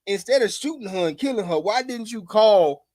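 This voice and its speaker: Ranting high-voiced man on a podcast. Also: expressive, moderate pace, a little mellow, no room sound, clean studio sound. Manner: angry, profane, ranting with repeated questions. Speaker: podcast co-host. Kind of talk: heated casual podcast talk.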